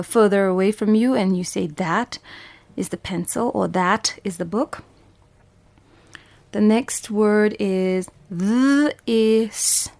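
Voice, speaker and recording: Speaking with a Bhutanese English accent, a woman teaches young children phonics, sounding out each letter and patiently repeating every word. Her pitch is medium.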